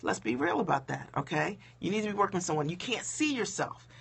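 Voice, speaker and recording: A woman business coach talking to viewers on a live stream, emphatic and conversational, checking in with "okay?" and "right?", a bit low-key because it is late. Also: sing-song, fast, vocal fry, slightly rough. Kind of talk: motivational live stream talk.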